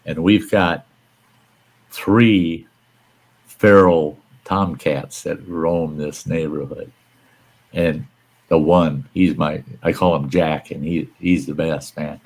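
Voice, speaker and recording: A man with a very low voice hosts a casual live stream chat. He tells rambling, folksy stories and swears mildly now and then. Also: steady tone, takes it slowly, a little mellow, low-quality recording. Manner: rambling, folksy storytelling with mild cursing.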